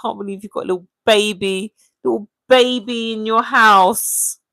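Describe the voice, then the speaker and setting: A woman's voice: a little high, normal speed, no echo, poor audio. Chatty woman hosting a livestream. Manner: chatty and animated, often calling out viewers' names. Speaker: livestream host. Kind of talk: casual livestream chat, reading viewer comments aloud.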